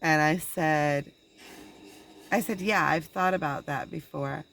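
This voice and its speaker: Rambling low-voiced woman talking to camera. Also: gravelly, fairly bright tone, a little hiss or hum, low-quality recording. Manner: rambling, halting, with many restarts and quoted dialogue. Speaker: spiritual channeler and video blogger. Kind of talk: casual personal monologue.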